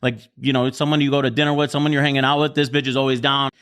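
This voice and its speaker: A man's voice: medium pitch, level tone, very fast, fairly bright tone, clear, resonant tone. A man hosting a casual group discussion, asking blunt, probing questions in profane, everyday speech. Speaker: host.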